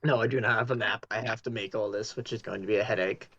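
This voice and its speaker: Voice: mid-range voice, fairly even intonation, fast, bright, forceful tone, husky, no room sound. A game master narrating a tabletop game in a playful way. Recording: dull, dry home mic.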